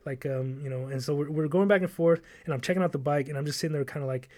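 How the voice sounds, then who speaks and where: A man's voice: a little high, quick pace, a little mellow. A young man hosting a podcast, telling a long rambling, profane story in casual chat. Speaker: podcast host.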